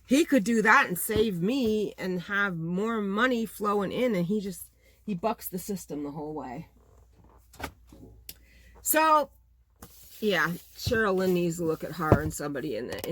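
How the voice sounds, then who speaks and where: A woman's voice: fairly low pitch, lively intonation, moderate pace, a little hiss or hum. A middle-aged woman chatting casually to her viewers, venting in an exasperated, talkative way about running her small business. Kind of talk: casual chat to camera.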